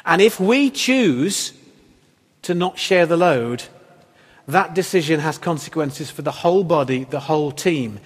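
A man's voice: a little high, breathy edge. A man preaching a sermon as pastor, earnest and emphatic, with rhetorical questions. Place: church hall. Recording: long hall reverb.

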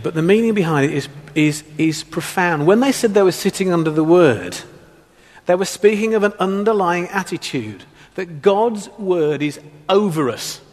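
Guy preaching a sermon, kinda high voice, lots of hall reverb, jokey stories between the scripture bits. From England, Black Country. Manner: humorous storytelling preacher.

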